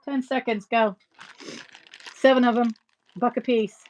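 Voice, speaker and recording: A middle-aged woman hosting a live resale stream, rambling through animated stories and laughing often. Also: a little high, unhurried. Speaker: live-stream reseller host. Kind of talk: chatty live-selling stream.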